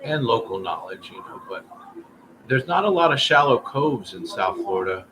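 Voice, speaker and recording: A man's voice: medium pitch, very animated, moderate pace. Chatty man streaming over a noisy room. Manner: rambling, chatty, talks straight to viewers. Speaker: livestream host. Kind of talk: casual chat.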